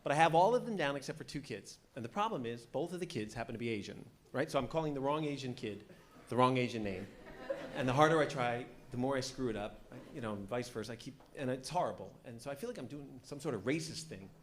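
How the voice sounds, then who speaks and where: A man's voice: medium pitch, quick pace. A man performing a stand-up routine on a comedy club stage, telling stories and acting out the people in them. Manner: storytelling, animated acting-out of characters. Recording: live club recording with audience noise.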